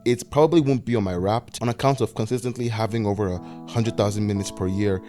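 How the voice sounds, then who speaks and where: A man in his twenties from Nigeria, narrating a reflective personal video essay in a soft-spoken way. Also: on the low side, fast talker, soft background music. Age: 20s.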